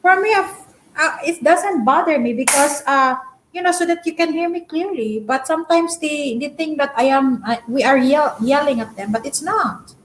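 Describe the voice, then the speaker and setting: A young woman with a Filipino accent chatting casually to her viewers, halting often with fillers as she reads through comments. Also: sits high, reverberant, slight background noise, rough recording. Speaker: vlogger reading viewer comments. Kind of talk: casual chat to camera.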